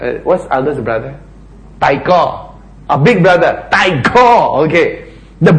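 Male pastor, slow deliberate preaching, lively swooping pitch, somewhat high voice, echoey hall. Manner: emphatic, animated preaching with dramatic quoted lines. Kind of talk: sermon.

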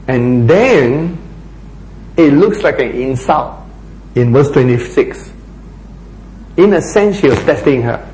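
Slow, animated male preacher in echoey hall. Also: mid-range voice, a little hiss or hum. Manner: emphatic, animated preaching with dramatic quoted lines. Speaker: pastor. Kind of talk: sermon.

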